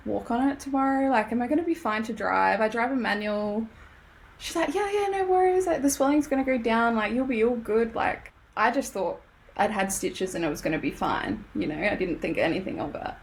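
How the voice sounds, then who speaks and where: Australian woman with a gravelly edge. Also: mid-range voice, a little hiss or hum. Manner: animated, laughs often, acts out her own quotes. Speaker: podcast guest. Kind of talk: casual storytelling.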